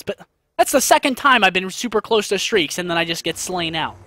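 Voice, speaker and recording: A man giving live gameplay commentary as a gaming video host, excitable and slangy, breaking into loud, swearing outbursts. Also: high voice, brisk. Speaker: gaming YouTuber.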